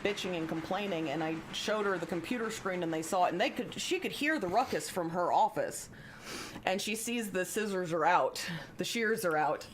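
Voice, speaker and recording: A woman's voice: lowish voice, background noise. Chatty woman streamer telling stories. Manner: animated, swears freely, acts out quoted people. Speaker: live streamer. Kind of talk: casual storytelling chat.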